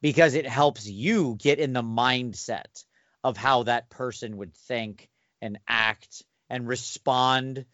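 A man's voice: medium pitch, takes it slowly, fairly bright tone, no echo. Thoughtful man explaining tabletop game craft. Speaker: podcast co-host and game master. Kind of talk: casual chat about running tabletop games. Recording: dull dry recording.

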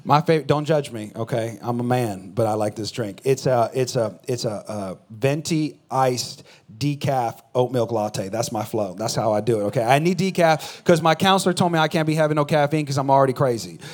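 A man's voice: mid-range voice, fast talker, hardly any pauses. A man from California preaching as pastor, joking in a loose conversational way and drawing answers from the congregation in church. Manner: joking, talks back and forth with the congregation. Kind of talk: casual conversational sermon.

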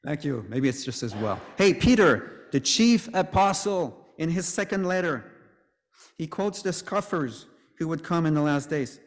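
A man's voice: fairly high pitch, expressive, a little slow, long reverb tail. A man preaching a sermon in a conversational way, with joking asides.

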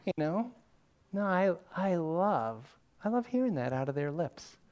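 An older man, a pastor, giving a sermon in a relaxed, conversational storytelling way with self-deprecating humor. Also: high voice, unhurried.

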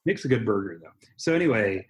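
A fast-talking American podcast co-host with a lowish, sing-song voice rambles through casual conversation, joking and breaking off to restart often.

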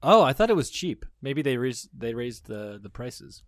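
A man's voice: medium pitch, sing-song, moderate pace, fairly bright tone, no echo, clean studio sound. A young man from Iowa co-hosting a podcast with a clogged nose, laid-back and asking questions. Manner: laid-back, asks questions, laughs easily. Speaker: podcast co-host. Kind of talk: casual chat.

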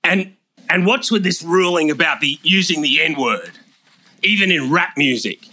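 Brief: a crude, mocking male roast comic, bright, dry close mic. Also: on the high side, animated, measured pace, no echo. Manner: brash, crude, mocking delivery. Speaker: guest comedian roaster. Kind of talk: comedy roast.

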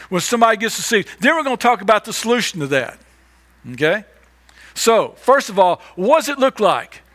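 A man's voice: high voice, a bit bright. A man preaching a sermon as pastor, emphatic and repetitive, sometimes stumbling over restarts.

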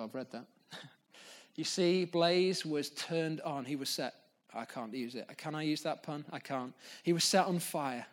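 A male pastor delivers an unscripted sermon to his church in an earnest, reflective way. His voice sits a little higher than most men's. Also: unhurried. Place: church gathering.

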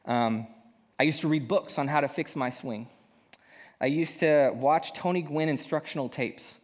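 A man's voice: on the high side, unhurried. A young man preaching a sermon as a pastor, telling a personal story in a casual, self-deprecating way. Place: church hall. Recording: long hall reverb.

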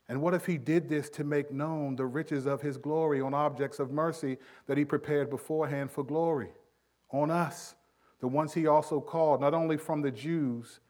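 A middle-aged male pastor preaching a sermon, animated, acting out everyday dialogue as he teaches. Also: fairly high pitch.

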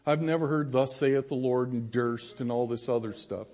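A man's voice: mid-range voice, moderate pace, a little mellow. A man pastor giving a sermon testimony, telling his story with animation and acting out the voices of people he quotes.

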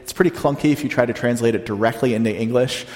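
A man preaching a sermon with a mid-range voice, chatty and direct, leaning hard and slow on the words he wants to stress. The long reverb of a large church hall trails after each phrase. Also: mid-range voice, a little mellow. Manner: conversational preaching, slows down to stress quotes. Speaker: pastor.

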